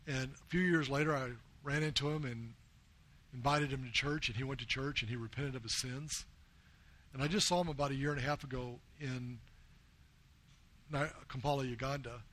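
A man's voice: mid-range voice, steady tone, normal speed, a bit bright. A man from the United States preaching a sermon as a missionary, telling earnest stories and quoting people in his own plain voice.

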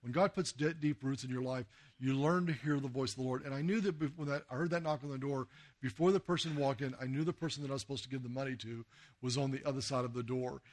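A man from the United States, a missionary preacher, telling a folksy story in a sermon and acting out the dialogue. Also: mid-range voice.

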